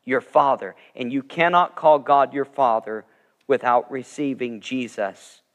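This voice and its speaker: A man's voice: medium pitch, measured pace. A man preaching a sermon as pastor, telling stories earnestly and swelling with emphasis. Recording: long reverb of a large sanctuary.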